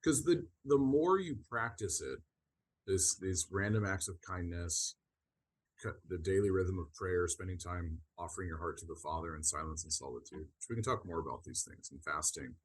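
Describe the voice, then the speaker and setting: A man with a low, husky voice talks through spiritual ideas on a podcast. He is earnest and often restarts his sentences as he explains. It sounds like an unhurried conversational teaching. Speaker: podcast co-host.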